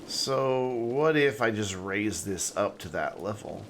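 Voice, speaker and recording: A man streams a city-building game, chatting casually and thinking aloud as he plays, with rambling sentences that trail off. His voice sits on the low side, with lively intonation and a slow pace, against a noisy background.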